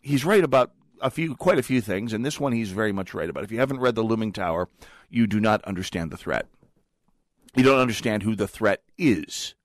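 A man's voice: fairly low pitch, animated, a little fast, no echo. A man hosting political talk radio, emphatic and combative, inviting callers.

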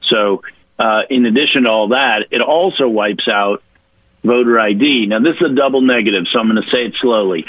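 A man's voice: medium pitch, dry recording. Emphatic man on a dull radio line. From Virginia. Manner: emphatic, mocking quoted voices, spells points out slowly. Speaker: political guest. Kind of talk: radio interview, argumentative explaining.

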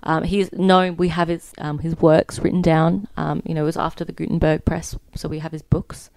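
A woman's voice: low voice, little pitch movement, moderate pace, vocal fry, a little mellow, no echo. A young woman in her twenties co-hosting a casual podcast, telling a story in a chatty way with lots of fillers. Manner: chatty, many fillers, laughs easily. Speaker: podcast co-host.

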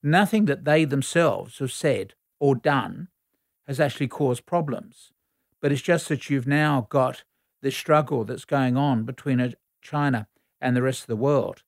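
A man, a foreign affairs commentator answering radio interview questions in a measured, explanatory lecturing tone. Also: medium pitch, creaky, no echo, studio quality.

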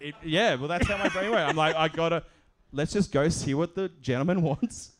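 A man telling a comic story at a live show, animated and often laughing as he acts out other voices. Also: on the high side, moderate pace, a little hiss or hum.

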